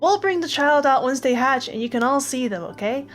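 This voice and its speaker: A woman voicing a calm female nurse in a fantasy animatic, politely explaining hospital rules. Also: high voice, brisk, soft background music, pitched above the performer's own voice. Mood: procedural.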